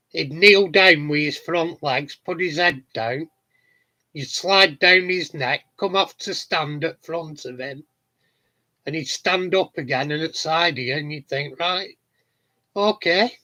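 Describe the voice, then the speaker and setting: A man's voice: a little high, unhurried, bright, forceful tone. A middle-aged man with a Yorkshire accent, telling cheeky anecdotes in casual chat to his viewers from his shed. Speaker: hobbyist vlogger answering viewers. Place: home garden shed.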